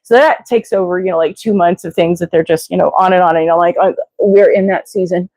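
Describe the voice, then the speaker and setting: A woman's voice: lowish voice, steady tone, fast talker, a little mellow, dry recording. A woman hosting a casual livestream, rambling and digressing with many fillers and restarts, now and then acting out quoted voices. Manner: acts out quoted voices with exclamations. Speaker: livestream host.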